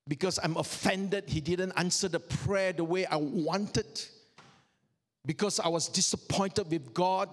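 A male pastor delivers a sermon at an unhurried, deliberate pace. His voice sits high for a man, and it rings out with the long reverb of a large hall. He leans on rhetorical questions and repeats key phrases earnestly.

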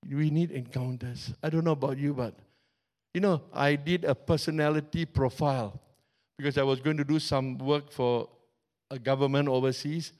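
A middle-aged male pastor preaches a lively, conversational sermon, adding humor and spoken sound effects. His mid-range voice moves at normal speed.

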